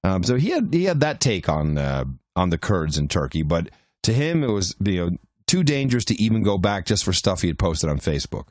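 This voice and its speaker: A podcast co-host with a low, sing-song voice tells a long travel story in brisk, casual chat, constantly restarting and filling gaps with fillers as the anecdote rambles. His tone is slightly mellow, and the clean studio recording has no echo.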